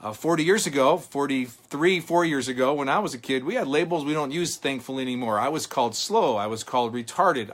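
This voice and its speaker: A middle-aged man speaks as a motivational speaker at a church gathering. He tells a personal story earnestly, with dramatic pauses for effect, at an ordinary pitch for a man. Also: fairly bright tone. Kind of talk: inspirational church talk.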